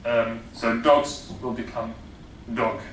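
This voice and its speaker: A man's voice: mid-range voice, fairly even intonation, slow pace, a bit bright. Man, Dutch accent, classroom lecture, hesitant fillers, faint room hum, heard from afar. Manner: explanatory, hesitant with many fillers, checks in with "yeah?". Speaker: phonetics lecturer. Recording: echoey lecture room from a distance.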